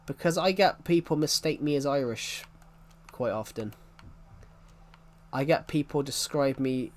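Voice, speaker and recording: A man's voice: mid-range voice, measured pace. A young man with a mixed English and Welsh accent, chatting casually with viewers on a live stream. He rambles and restarts his sentences. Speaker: livestreamer reading chat.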